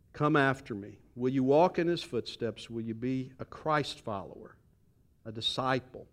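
A middle-aged man, a pastor, preaching a sermon in a church with lively, conversational delivery, joking and asking the congregation questions. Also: medium pitch. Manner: animated, conversational preaching with humor and rhetorical questions. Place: church sanctuary.

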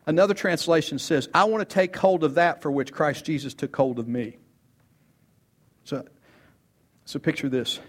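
A man's voice: a little high, normal speed, long pauses. A man preaching an expository sermon with emphatic delivery, repeating words and rising sharply on quoted lines. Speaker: pastor.

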